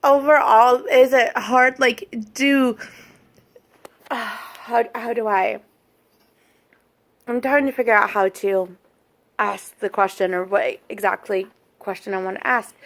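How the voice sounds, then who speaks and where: A woman with a slightly high voice co-hosts a casual chat as a parent, speaking slowly with frequent pauses. She explains things carefully and thoughtfully, rephrasing her questions as she goes.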